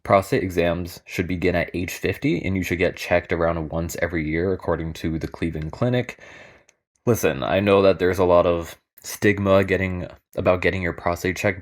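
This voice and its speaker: Wry, deep-voiced young male scientist. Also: normal speed. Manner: candid, wry, deadpan humor. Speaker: lab scientist presenting. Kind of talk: casual comedic presentation.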